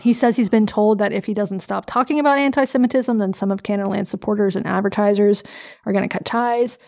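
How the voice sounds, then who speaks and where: Gravelly, blunt woman podcast co-host. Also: mid-range voice, steady tone, quick pace, a little mellow. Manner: blunt and profane, dry humor. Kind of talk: casual podcast chat.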